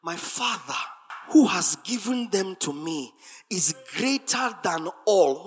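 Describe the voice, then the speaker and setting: A preacher delivering a sermon with emphatic repetition, dropping to quiet asides and rising to shouted, sing-song refrains. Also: medium pitch, lively intonation, slow pace, husky, big-room sound.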